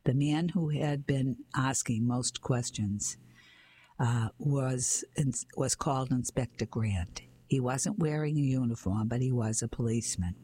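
A man reading a children's mystery story aloud in a steady storytelling way, sometimes going back to reread a phrase. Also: mid-range voice, unhurried, slightly rough. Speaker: narrator.

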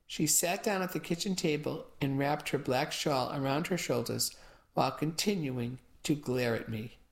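A woman narrating a first-person audiobook in a steady storytelling manner. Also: low voice, normal speed, gravelly.

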